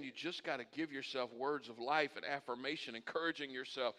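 A man preaching a sermon as pastor, animated and folksy, building to loud, impassioned peaks. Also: medium pitch, brisk. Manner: folksy and humorous asides.

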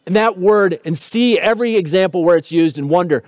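High-voiced man preaching a teaching sermon. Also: fairly quick, no room sound, studio quality. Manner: explanatory, asks rhetorical questions; teaching tone with light humor. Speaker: pastor.

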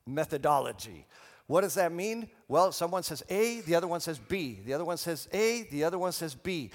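Animated male preacher in a reverberant church. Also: fairly high pitch. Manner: animated, leads congregation in call and response. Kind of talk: sermon. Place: church sanctuary.

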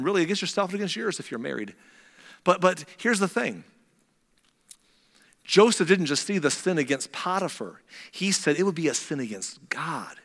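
Guy preaching a sermon, bright tone, slightly high voice, chatty with jokes. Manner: conversational, joking asides to a laughing congregation. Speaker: pastor. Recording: reverberant hall sound.

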